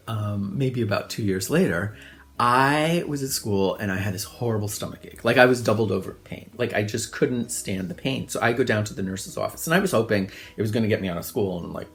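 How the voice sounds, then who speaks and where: A middle-aged man telling funny childhood stories in a relaxed monologue, self-deprecating and often laughing. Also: lowish voice. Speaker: host. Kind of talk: casual storytelling monologue.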